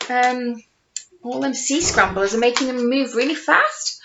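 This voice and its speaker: A woman's voice: high voice, very slow, long pauses. A woman teacher reading a picture book aloud to young children at home, playful and asking them questions. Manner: lively, playful, asks the young listeners questions. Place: home with a conservatory. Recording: roomy, dull home recording.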